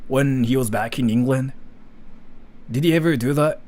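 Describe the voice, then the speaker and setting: A man's voice: medium pitch, moderate pace, a little mellow. A man chatting casually while he reacts to a video, rambling with lots of fillers and questions.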